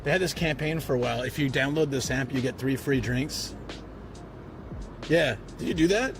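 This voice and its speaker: A man's voice: medium pitch, normal speed. Rambling live-streaming man over music. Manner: rambling, chatty, talks to viewers. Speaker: live-stream travel vlogger. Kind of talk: casual live-stream chat. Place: city streets, then a parked car. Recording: music playing under the voice.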